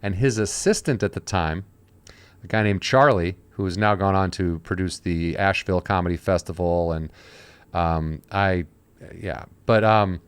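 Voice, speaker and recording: This podcast host has a deep, clear, resonant voice and talks at a normal speed on a dry recording. In a casual chat, he tells stories and acts out the people he quotes.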